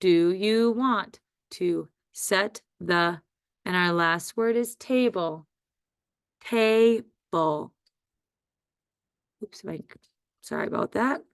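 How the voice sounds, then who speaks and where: A woman teaching a phonics dictation lesson, sounding out words slowly and deliberately. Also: lowish voice, creaky, clean tone, no room sound, clean studio sound.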